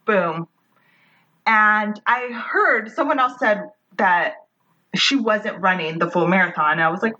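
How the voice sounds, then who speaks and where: A woman's voice: medium pitch, lively intonation, normal speed, bright, forceful tone, dull audio. A woman hosting a podcast, talking in a bubbly, gushing, chatty way. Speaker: podcast host. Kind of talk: casual podcast intro.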